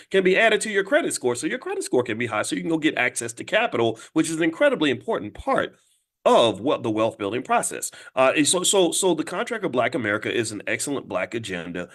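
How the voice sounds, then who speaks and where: A man giving a fast political commentary monologue, speaking straight to his listeners with emphatic stops and restarts, his voice jumping up sharply to make a point. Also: a bit bright. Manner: emphatic, restarts words, pitch jumps high when making points; addresses listeners directly, asks them to respond. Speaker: commentator and host.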